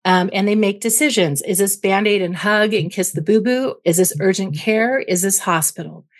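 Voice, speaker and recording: A woman's voice: mid-range voice, normal speed. A woman clinical psychologist as an interview guest, explaining emotions through everyday analogies and checking in with "right?" as she goes. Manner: teaching through analogies, tags points with "right?".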